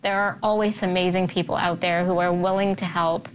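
A woman's voice: on the low side, flat delivery, a little fast, slight background noise, low-quality recording. A woman guest on a radio talk show, answering in an earnest, reflective way. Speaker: guest, company founder. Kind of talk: radio interview.

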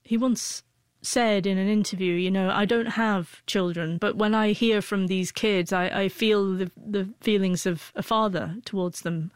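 A woman's voice: mid-range voice, fairly even intonation, unhurried, hardly any pauses, clean tone, dry recording. A woman in her forties, an interview guest who stutters, with frequent broken-off sounds and restarts as she tells a personal story.

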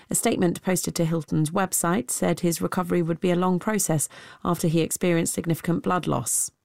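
A woman reading a radio news bulletin in a crisp, even, formal delivery. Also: lowish voice, dry recording, clean studio sound. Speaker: newsreader. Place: radio studio.

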